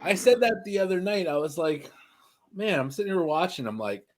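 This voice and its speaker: A man's voice: high voice, sing-song, fairly quick, slight background noise. A man co-hosting a casual wrestling podcast with crude, profane banter. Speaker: podcast co-host.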